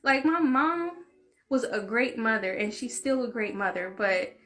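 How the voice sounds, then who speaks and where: A woman's voice: a little high, animated, measured pace, a bit bright. A young woman vlogger tells a personal story in an open, emotional way, close to tears at times. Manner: emotional, confessional, speaks openly and with feeling. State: tearful at times.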